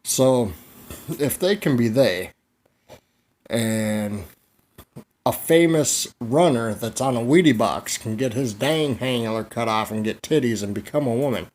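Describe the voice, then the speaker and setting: A man's voice: medium pitch, lively intonation, takes it slowly. A man vlogging a crude comedic monologue, rambling, swearing freely and laughing at his own jokes.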